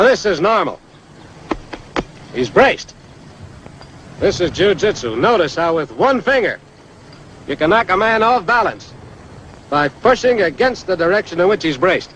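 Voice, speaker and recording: A man's voice: high-pitched, sing-song, a little slow, long pauses, fairly bright tone, a little hiss or hum, exaggerated voice, rough recording. An actor playing a tough, seasoned Marine sergeant who instructs his men with firm, barking commands, in the style of 1950s war film acting. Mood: commanding.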